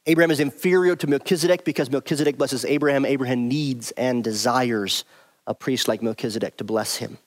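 A man's voice: medium pitch, steady tone, brisk. A man teaching through a Bible passage verse by verse, stressing and repeating his key points emphatically.

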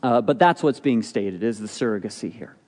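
A man's voice: on the low side, lively intonation, fairly quick, a little mellow. A man preaching a sermon, explaining a scripture passage with rhetorical questions and acted-out quotes. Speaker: pastor. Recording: long hall reverb.

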